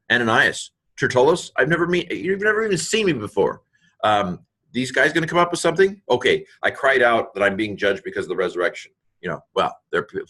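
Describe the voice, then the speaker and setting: Man, low voice, casual Greek lesson, chatty, lots of fillers. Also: fairly bright tone. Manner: chatty, many fillers and restarts. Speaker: teacher.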